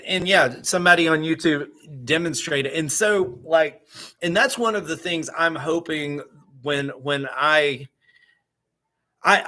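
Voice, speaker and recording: A man explaining guitar strumming at an unhurried, deliberate pace, pausing and restarting his sentences as he thinks. His pitch sits in an ordinary middle range. He talks like a relaxed teacher answering questions, counting beats aloud now and then. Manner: halting, repeats words often while explaining. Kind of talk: casual guitar lesson.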